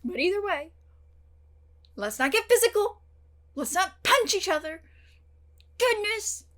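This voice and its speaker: A woman's voice: very high-pitched, a little slow. A young woman hosting her own channel, talking casually and emotionally to the camera, full of fillers and the odd swear word. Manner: emotional, animated, heavy use of fillers and swearing. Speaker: reaction channel host. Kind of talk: casual talk to camera about a TV episode.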